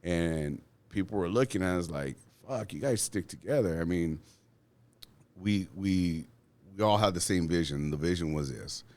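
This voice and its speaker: A man, a union steward guest, telling work stories in a casual, profane and animated way, acting out what people said. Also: sits low, a little slow. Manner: profane, animated, acts out quotes. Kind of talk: casual storytelling.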